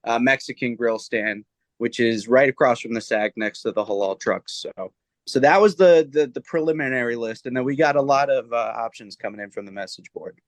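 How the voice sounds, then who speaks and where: A man co-hosting a relaxed podcast, teasing his fellow hosts in a playful, mock-authoritative tone. His mid-pitched voice sits close and dry on the mic. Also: a little fast, no echo. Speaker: podcast co-host. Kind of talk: casual chat.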